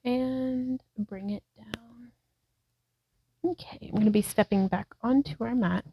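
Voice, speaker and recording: A yoga instructor guides a practice at home, indoors beside a wall, cueing breaths and poses in a slightly high, slow, husky voice. She is sometimes out of breath, laughs at herself, and chats in a relaxed way between cues and bits of self-talk. The dry recording has its highs cut off.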